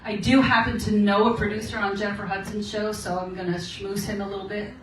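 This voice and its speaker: A woman's voice: medium pitch, flat delivery, fairly quick, a bit bright, slight background noise. Chatty woman in her sixties, echoey room. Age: 60s. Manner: chatty storyteller, laughs often, asks "okay?". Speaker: guest speaker at a women's meeting. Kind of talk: casual encouraging talk. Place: meeting room. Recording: very echoey room, recorded from far off.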